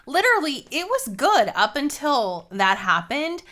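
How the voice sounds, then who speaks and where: A woman's voice: high-pitched, big pitch swings, unhurried, bright, forceful tone. A woman co-hosting a casual movie review podcast, giving emphatic, blunt opinions. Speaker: podcast co-host.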